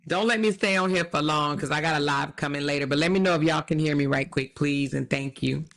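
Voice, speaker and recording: A woman's voice: deep voice, brisk, a bit bright. A woman hosts a casual livestream in an emphatic, repetitive way. She laughs often and drags out her words to hammer home each point. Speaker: livestream commentary host.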